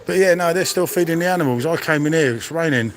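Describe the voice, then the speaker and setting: A man's voice: fairly high pitch, quick pace, slight background noise. A middle-aged man, streaming live as he walks around a museum, marvelling at the exhibits and chatting to viewers by name, with the sound picked up by a handheld phone. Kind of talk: live walk-around commentary. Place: indoor museum with old exhibits. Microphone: handheld phone while walking.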